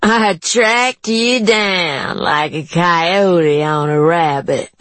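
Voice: mid-range voice, very slow, a bit bright, dry recording. A narrator voicing a brash, mocking, beery middle-aged woman in an audiobook, with a slangy, taunting manner. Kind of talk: audiobook character voice.

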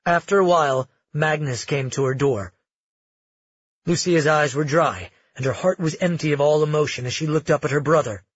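A man narrating an audiobook in a measured, dramatic storytelling manner. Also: fairly high pitch, husky, highs cut off.

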